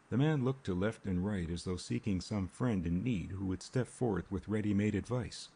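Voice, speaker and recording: A man narrating an audiobook in a steady, unhurried storytelling manner. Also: fairly low pitch, gravelly, slightly rough. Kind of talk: scripted narration. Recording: faint rain ambience behind.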